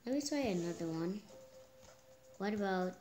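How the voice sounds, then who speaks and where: A woman giving casual, excitable commentary while playing a phone game, cheering herself on. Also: medium pitch, moderate pace. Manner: excitable, exclaims often, talks herself on. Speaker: gameplay streamer. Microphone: phone screen recording. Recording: clear game music underneath. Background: game music.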